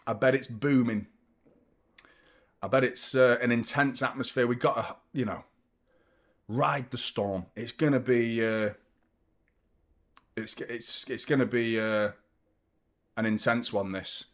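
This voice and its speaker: Reacting to the action and calling out viewers by name to thank them, a young man runs a fan channel's live football watchalong in a relaxed, chatty way. He speaks at medium pitch with a slightly bright sound.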